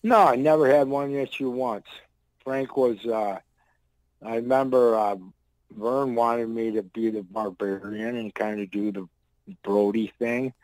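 A man's voice: medium pitch, steady tone, unhurried, darkish tone, no echo, rough recording. A man in his sixties, a former wrestler, telling loose, rambling anecdotes in blunt, salty words. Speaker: guest, former pro wrestler. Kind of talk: casual storytelling.

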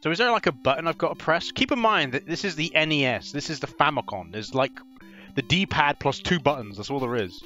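A man giving excitable first-impressions commentary while playing an old console game, swearing and yelping at enemies. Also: a little high, brisk, highs cut off, faint music behind. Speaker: gaming channel host. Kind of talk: let's play commentary.

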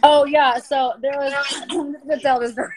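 A woman's voice: high voice, fairly even intonation, moderate pace, a crowd in the background. A woman co-hosting a casual live stream from her phone, telling stories with frequent laughter. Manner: chatty, laughs often while storytelling. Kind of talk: casual chat.

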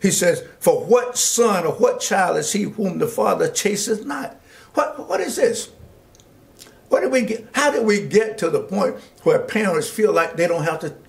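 A man pastor teaching a Bible study, slowly reading scripture aloud and preaching with rising emphasis and asides to his listeners. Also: high voice, gravelly. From Georgia, US.

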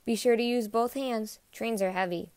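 A woman's voice: fairly high pitch, moderate pace, a little mellow, clean tone, no echo, close to an everyday voice. A woman voicing a cheerful, literal-minded housekeeper in a storybook read-aloud, with an earnest, chirpy manner.

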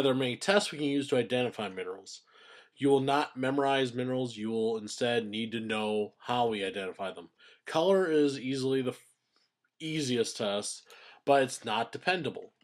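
A man teaching a science class in a recorded lecture, explaining step by step and stressing key terms. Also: medium pitch.

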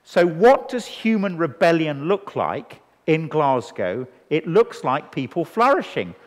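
An evangelist preacher in his fifties, whose voice is a little high, speaks at a measured pace to a live audience in a church hall. He tells stories with animation and acts out the dialogue, and the hall gives the recording a long reverb.

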